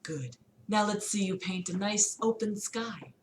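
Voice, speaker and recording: A woman voicing a soft-spoken, gentle older male painter, talking quietly and slowly. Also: medium pitch, close to an everyday voice. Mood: gentle, soothing. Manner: quiet, slow and soothing.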